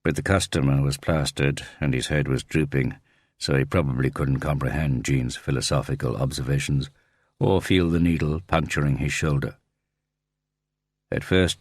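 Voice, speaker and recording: Very deep-voiced male audiobook narrator. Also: breathy edge, no echo, studio quality. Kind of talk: scripted narration of a thriller audiobook.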